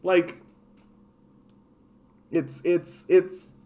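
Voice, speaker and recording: A man's voice: high voice, steady tone, extremely slow, dark tone. A man ranting about politics on a livestream, impassioned and full of swearing. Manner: impassioned, profane, repetitive. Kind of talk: unscripted political rant.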